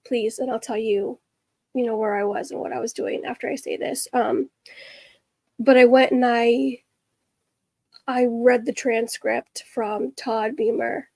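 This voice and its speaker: A woman's voice: fairly high pitch, fairly even intonation, unhurried, creaky, mellow, no room sound. A woman hosting a casual livestream, talking to her viewers in a chatty, earnest, rambling way that trails off and restarts. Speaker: livestream host.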